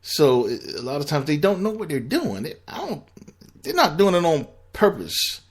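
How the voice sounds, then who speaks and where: Blunt, rambling man with a lively pitch. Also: moderate pace, breathy edge. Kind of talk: casual monologue.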